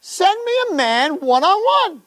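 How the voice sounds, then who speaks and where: A man's voice: a little high, big pitch swings, normal speed. A man doing a boastful taunting giant warrior. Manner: mocking, challenging.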